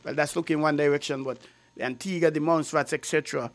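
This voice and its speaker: A man's voice: a little high, fairly even intonation, dry recording. A man hosting a radio talk show, asking his guest leading questions. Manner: leading questions, quick interjections. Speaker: radio host.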